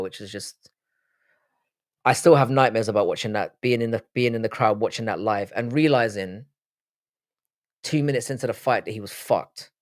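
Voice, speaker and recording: A young Irish man with a Cork accent hosts a live stream and chats loosely with viewers. He talks bluntly and swears freely, stopping and restarting his sentences, at an ordinary mid pitch. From Ireland. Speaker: livestream host. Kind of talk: casual live-stream chat reading viewer comments.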